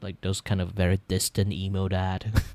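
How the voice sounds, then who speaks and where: A man's voice: sits low, flat delivery, moderate pace, dark tone. A young man with a Malaysian English accent chatting casually on a livestream while he draws, rambling, swearing freely and laughing often. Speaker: vtuber streamer.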